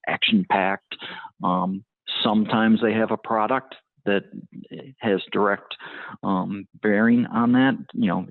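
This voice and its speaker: Gravelly man on a tinny call. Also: lowish voice, no room sound. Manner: hesitant, many ums and restarts. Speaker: tire brand motorsport marketing guest. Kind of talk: interview answers, businesslike. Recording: tinny phone-like line, dry.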